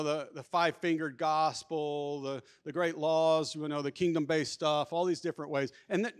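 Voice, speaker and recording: A man giving an energetic, emphatic workshop talk at a conference, conversational and often restarting his sentences. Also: on the high side. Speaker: workshop speaker at a Catholic conference. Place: conference hall. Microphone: handheld or lapel microphone.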